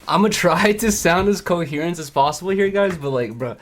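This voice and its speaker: A man on a livestream giving a nervous, halting apology, rambling and full of fillers. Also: sits high, expressive, a little hiss or hum. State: nervous, shaky. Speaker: streamer.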